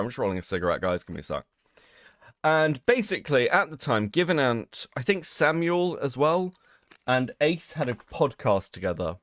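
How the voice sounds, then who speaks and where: A man's voice: mid-range voice, a bit bright. Sarcastic British man streaming. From Britain. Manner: sarcastic, swears a lot, mocking voices when quoting others. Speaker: streamer host. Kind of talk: casual livestream commentary.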